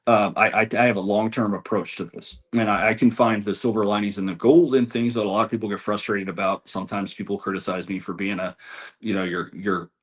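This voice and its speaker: Interviewed as an election data analyst, a man rattles off statistics in his answers, restarting often. His fairly low voice is steady and brisk.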